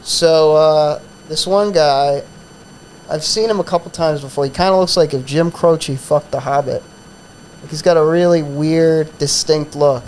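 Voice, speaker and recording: A man's voice: on the high side, unhurried, a little mellow, slight background noise, low-quality recording. A man who hosts a comedy podcast, telling a profane, rambling story in a casual chat full of fillers.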